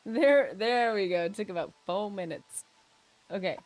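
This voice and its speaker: Reading quest text aloud during a casual RPG livestream, a woman chats playfully with viewers, joking and putting on mock-grandeur. Her voice is medium-pitched and moderately paced, with no room sound, and faint game music plays behind.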